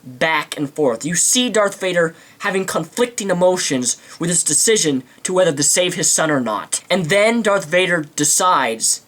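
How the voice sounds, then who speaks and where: A man's voice: high-pitched, animated, normal speed, hardly any pauses, fairly bright tone. A man giving a ranting movie commentary, indignant and mocking, with theatrical flourishes. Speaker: video commentator.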